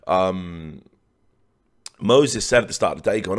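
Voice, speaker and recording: Hoarse, blunt man ranting. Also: deep voice, unhurried. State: hoarse, tired voice. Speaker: esports analyst. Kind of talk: opinionated match analysis.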